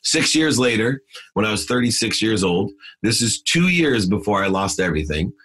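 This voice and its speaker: A man's voice: on the low side, sing-song, normal speed, fairly bright tone, rough recording. A middle-aged man, a podcast guest, telling a personal story with emphasis, frequent fillers and restarts, and a voice that climbs when he relives key moments.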